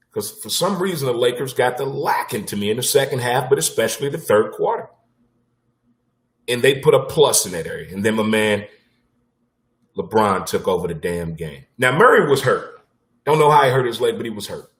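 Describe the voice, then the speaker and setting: A man hosting his own sports talk show in a loose, unscripted monologue. His delivery is blunt and animated, salted with casual swearing, and he likes to repeat a line for emphasis. The voice sits at a plain middle pitch.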